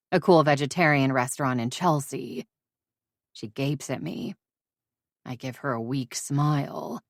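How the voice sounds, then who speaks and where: A woman narrating a first-person romance audiobook in a measured, intimate way. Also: rumbling low, no echo, studio quality.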